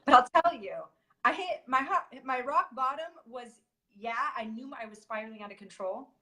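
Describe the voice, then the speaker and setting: A woman speaks in a bright, slightly high voice, telling a difficult personal story as an interview guest. She talks candidly, stopping and restarting her sentences often. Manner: halting, many restarts and fillers.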